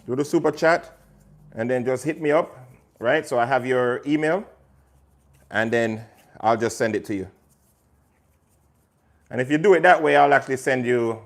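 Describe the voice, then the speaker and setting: A man hosting a casual cooking livestream, chatting to viewers by name while he cooks in a kitchen. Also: medium pitch. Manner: chatty, talks to viewers by name, pushes his cookbook. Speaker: chef and host.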